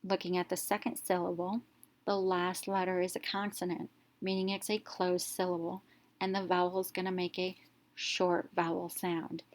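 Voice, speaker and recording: A woman teacher narrating a reading lesson, explaining each step slowly and clearly in an instructional voice-over. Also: lowish voice, level tone.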